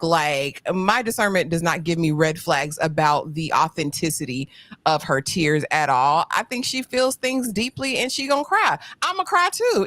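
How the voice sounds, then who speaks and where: Woman panelist, lively pitch, dry sound, frank casual talk. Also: dry recording. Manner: frank, affirming, casual slang. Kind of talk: casual live discussion.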